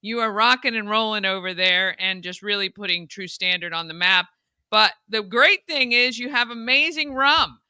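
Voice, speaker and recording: Bubbly bright-voiced woman host. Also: mid-range voice, fairly even intonation, normal speed, smooth, no echo. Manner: bubbly, effusive. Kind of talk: live morning show chat.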